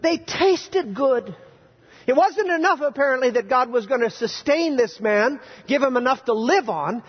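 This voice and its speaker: High-voiced, husky male preacher in a reverberant hall. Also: normal speed. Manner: animated, asks the congregation rhetorical questions with playful sarcasm. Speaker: pastor. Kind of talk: sermon. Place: church sanctuary. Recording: dull, reverberant church hall recording.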